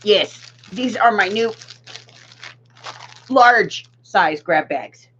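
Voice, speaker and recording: A woman's voice: medium pitch, animated, very slow, fairly bright tone. A woman with a sore throat chatting casually with viewers while packing bags for her craft shop, laughing often. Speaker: craft shop owner and vlogger. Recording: dull lo-fi sound with faint hiss.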